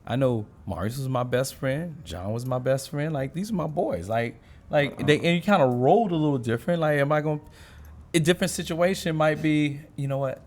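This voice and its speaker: A man co-hosting a casual podcast conversation, talking in an animated way and slipping into quoted street talk. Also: on the high side, a little fast. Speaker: co-host. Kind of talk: casual chat.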